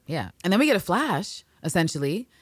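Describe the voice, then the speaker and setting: A woman recapping a show on a podcast with a lowish voice that swings up and down a lot. She swears freely and acts out the scenes, and the sound is dry and close. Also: fairly quick, no echo. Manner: animated, profane, acts out scenes. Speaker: podcast co-host. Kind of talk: casual recap chat.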